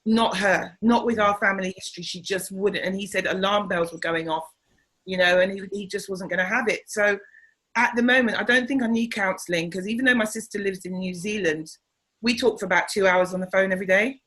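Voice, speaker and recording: With a brisk delivery and a medium-pitched, slightly rough voice, this middle-aged comedian tells family stories as an interview guest. She keeps it casual and animated, voicing the people she quotes, and the audio is poor.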